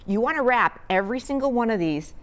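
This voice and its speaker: A woman's voice: on the high side, lively intonation, quick pace, a bit bright. A woman guest on a talk show demonstrating a recipe, chatty and instructive, often repeating herself. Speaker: cooking guest. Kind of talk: cooking demo chat. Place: TV studio kitchen.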